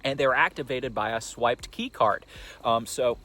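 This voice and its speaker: A man's voice: medium pitch, moderate pace, bright, forceful tone. A young man rambling through a casual storytime monologue, profane and full of fillers.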